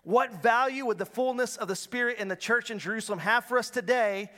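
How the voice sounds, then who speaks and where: A man's voice: extremely high pitch, fairly quick, bright, forceful tone. A man preaching a sermon as pastor, talking in a conversational, storytelling way with frequent restarts.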